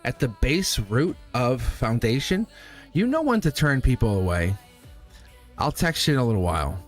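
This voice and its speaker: A man hosting a live tarot stream, talking straight to his viewers in an animated way and laughing often. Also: medium pitch, normal speed, soft background music.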